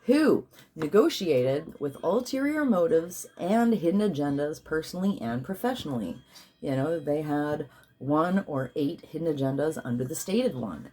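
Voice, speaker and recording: A woman's voice: sits low, dark tone, breathy edge. A woman leading a guided healing session, chanting affirmations and commanding prayers, yawning at times. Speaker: spiritual healer and card reader.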